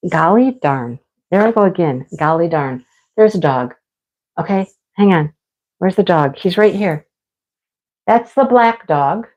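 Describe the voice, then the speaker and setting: Slow-talking woman crafting on a livestream. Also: lowish voice, darkish tone, lo-fi sound. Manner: chatty, laughs often, talks to viewers. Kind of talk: casual chat while diamond painting.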